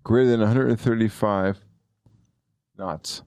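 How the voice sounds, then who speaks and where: A man's voice: fairly low pitch, fairly even intonation, a little slow, darkish tone, smooth, no echo, studio quality. A man hosting a casual podcast chat, rambling and correcting himself with chuckles. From eastern Pennsylvania. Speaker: podcast host.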